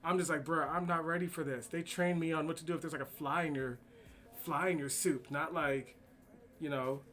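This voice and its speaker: Man, laid-back slang-heavy storyteller, curses a lot, slightly high-pitched voice. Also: fairly even intonation, normal speed, a bit bright. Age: adult with kids. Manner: profane, slangy, rambling anecdotes. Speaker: streamer. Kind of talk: casual storytelling while drawing.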